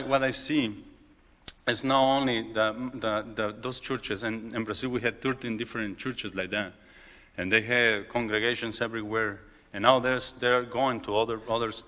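A man with a Mexican accent, a native Spanish speaker, delivers a sermon in broken English. He stumbles and repeats words, and his bright, forceful voice carries a long echo through a large hall. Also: on the low side, fairly even intonation, normal speed. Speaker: preacher.

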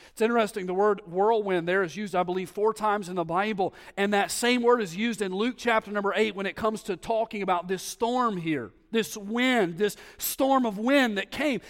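High-voiced emphatic male preacher. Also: normal speed, in a large hall. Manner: emphatic, swinging from hushed to loud. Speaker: pastor. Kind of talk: sermon. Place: church sanctuary.

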